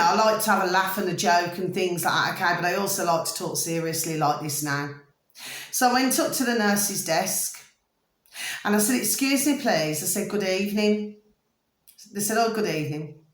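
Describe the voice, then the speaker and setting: A woman's voice: medium pitch, a bit bright. A woman talking casually to camera, chatty and always checking that the listener follows her. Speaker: vlogger. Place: room at home. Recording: echoey room.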